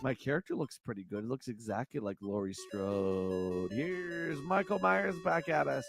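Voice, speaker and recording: A man hosting a retro gaming livestream and narrating a playthrough, excitable and yelping as he plays. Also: medium pitch, moderate pace, creaky, music in the background. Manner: excitable, yelps and shrieks while gaming. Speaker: livestream host.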